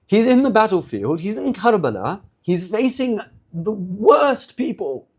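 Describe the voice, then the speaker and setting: A man delivers a religious lecture with passion and biting sarcasm. His voice sits fairly high. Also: sing-song, unhurried, a little mellow, slightly rough. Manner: impassioned and sarcastic.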